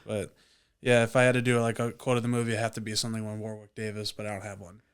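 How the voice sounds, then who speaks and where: A man's voice: fairly low pitch, completely flat delivery, fast talker, smooth. A man co-hosting a casual movie review chat, talking in a laid-back way. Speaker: podcast co-host.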